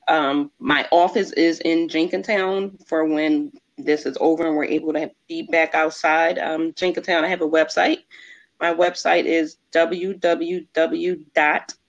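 A woman's voice: low-pitched, fairly even intonation, unhurried. A woman therapist talking casually as an interview guest, chatty and full of little fillers. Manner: chatty, many fillers like "like" and "kinda". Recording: dull lo-fi sound.

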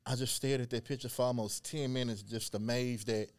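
Smooth, crisp male voice, mid pitch, earnest storyteller, casual interview. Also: steady tone, fairly quick. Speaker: guest historian and genealogist.

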